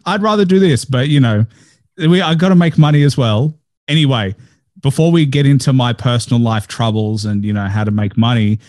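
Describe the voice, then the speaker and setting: A man hosting a casual interview podcast, talking in a deadpan, dry, even tone. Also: medium pitch, no room sound. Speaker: podcast host.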